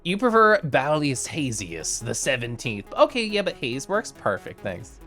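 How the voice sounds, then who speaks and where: A woman's voice: a bass voice, very animated, a little slow, a bit bright. A woman streamer chatting casually on a live stream, bubbly and giggly, greeting viewers by name. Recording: faint music behind.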